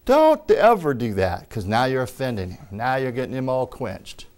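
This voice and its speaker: A man preaching a lively sermon, acting out quoted voices and laughing along the way. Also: medium pitch, normal speed.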